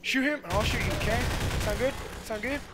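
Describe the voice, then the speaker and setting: A young man giving loud, goofy commentary while playing a video game, with sudden shouted outbursts. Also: very high-pitched, a little fast, background noise. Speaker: let's play gamer. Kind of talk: energetic gameplay commentary.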